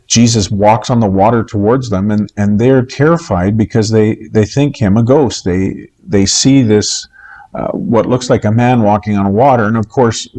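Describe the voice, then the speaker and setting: A man teaching a recorded Bible lesson, in a measured way with many pauses and "uh" fillers. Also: lowish voice, a little mellow.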